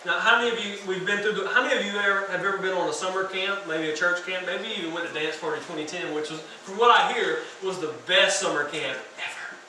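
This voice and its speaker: A man preaching as a youth pastor in a church hall, animated and asking the crowd questions. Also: sits high, fast, few pauses, slight background noise. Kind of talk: sermon. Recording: echoey hall from far off.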